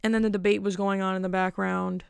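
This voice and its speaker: A woman's voice: mid-range voice, level tone, fast, creaky, smooth, no echo, clean studio sound. A woman hosting a podcast, telling a rambling, digressive story in casual monologue with wry asides. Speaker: podcast host.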